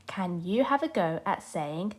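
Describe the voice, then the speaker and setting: Slow patient lady teaching kids letter sounds, bouncy up and down voice. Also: mid-range voice, expressive. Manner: slow, clear and sing-song, sounding out letters for young learners. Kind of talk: children's phonics lesson.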